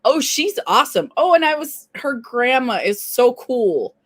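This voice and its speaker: A woman's voice: high voice, sing-song, measured pace, no room sound. A woman co-hosting a casual live stream, chatting and greeting viewers by name.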